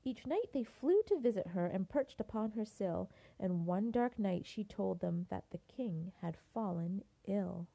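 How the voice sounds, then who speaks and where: An older woman reads a children's picture book aloud, lingering over each line. Her pitch swings up and down with feeling, and her voice stays mellow and soft-edged. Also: gravelly. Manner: expressive, unhurried. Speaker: grandmother reading aloud.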